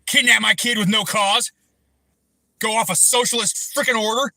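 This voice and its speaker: A man in his thirties hosting a livestream, ranting angrily and profanely, breaking into shouted bursts. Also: high voice, steady tone, normal speed, gravelly, no echo, low-quality recording. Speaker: livestream host. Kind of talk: angry personal rant on a livestream.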